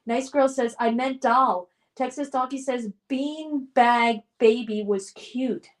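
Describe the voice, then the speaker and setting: A woman's voice: on the high side, fairly even intonation, slow. A middle-aged woman hosting a live stream. She reads viewer comments aloud and chats back in a nostalgic, upbeat way, with frequent fillers. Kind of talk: casual live-stream chat.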